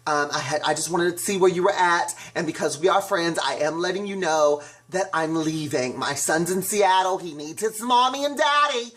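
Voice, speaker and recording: A man's voice: high-pitched, moderate pace, hardly any pauses, a bit bright, pitched below the performer's own voice. A man doing a firm female real-estate boss.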